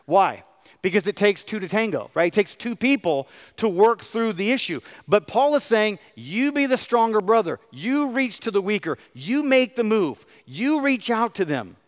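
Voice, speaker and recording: A man's voice: high voice, very animated, normal speed. A middle-aged man, a pastor, preaching a sermon and asking his congregation questions. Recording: long hall reverb.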